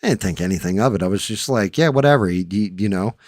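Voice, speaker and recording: A man with a low voice tells a long story on his own chat show. He swears freely and his voice climbs when he gets worked up. The sound is dry and close. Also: quick pace, dry recording. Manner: profane, storytelling, animated when riled up. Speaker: podcast host. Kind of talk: casual chat.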